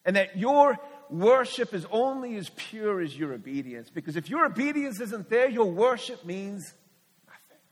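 A man's voice: sits high, big pitch swings, moderate pace, few pauses. A middle-aged man, a missionary pastor, giving a candid testimony in a sermon at church, telling his story earnestly with frequent restarts. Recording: long hall reverb.

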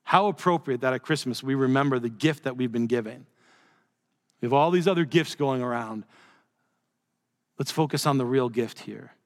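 A male pastor giving a conversational sermon with joking asides, dropping his voice softly for emphasis. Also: medium pitch, normal speed, pauses often, long reverb tail.

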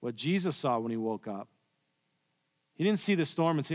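A man preaching a sermon in a church, telling the story with swings from loud to hushed. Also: on the high side, expressive, normal speed. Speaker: pastor. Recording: long reverb of a large hall.

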